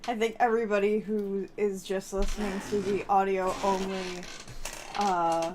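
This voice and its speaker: A woman's voice: mid-range voice, flat delivery, normal speed, background noise. A sober woman co-hosting a podcast with dry, wry remarks. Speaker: podcast co-host.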